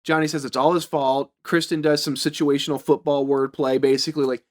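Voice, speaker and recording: A man's voice: a little high, little pitch movement, brisk, few pauses. A man co-hosting a podcast, recapping a film's plot in casual chat and slipping into silly voices for the quotes. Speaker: podcast co-host recapping a film.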